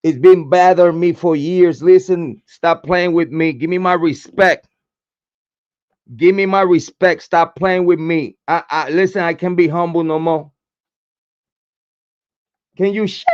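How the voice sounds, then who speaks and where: A hoarse man runs his true crime livestream in a slow, drawn-out delivery that sits fairly high for a man. He curses constantly and repeats hype chants to his chat. The audio comes through a dull, lo-fi desk mic. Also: steady tone, a little mellow. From Puerto Rico. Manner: profane, repetitive hype chants. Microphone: desk microphone, camera off.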